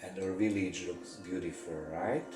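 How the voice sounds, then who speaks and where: A woman's voice: rumbling low, fairly even intonation, moderate pace. A woman talking a child through a city-building game, patient and asking simple questions to teach, her English slightly non-native. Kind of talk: casual gameplay chat. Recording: roomy sound with game music behind.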